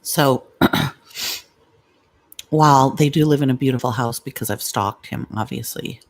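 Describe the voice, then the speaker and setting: Slow and very deep-voiced, a middle-aged woman hosts a chatty live vlog from home, rambling through stories and confiding in her viewers.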